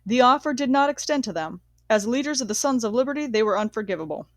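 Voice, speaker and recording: A woman reading a nonfiction history book aloud in a measured, steady way, sometimes correcting herself. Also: a little high, no echo. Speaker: audiobook reader.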